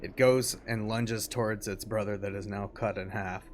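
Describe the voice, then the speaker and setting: Easygoing low-voiced male game master. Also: steady tone, normal speed, slight background noise. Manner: easygoing, hesitant with fillers. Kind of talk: narrating a tabletop game.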